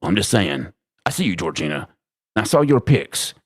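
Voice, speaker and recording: A man hosting a livestream, reading chat aloud with profane, exasperated banter and sudden shouting, tired from lack of sleep. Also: low-pitched, very animated, normal speed. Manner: bursts into shouting. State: short on sleep.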